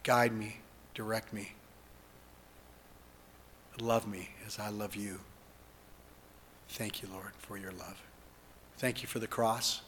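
A man preaching and leading the listeners in an earnest spoken prayer, moving between hushed lines and fervent ones. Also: lowish voice, long reverb tail, slight background noise. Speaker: pastor.

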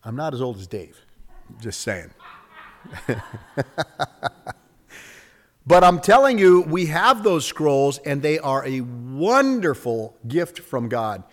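A man in his sixties preaching a sermon in an animated, conversational way, acting out quoted voices and joking with the congregation. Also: medium pitch, slow, long pauses, long reverb tail. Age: 60s. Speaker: pastor.

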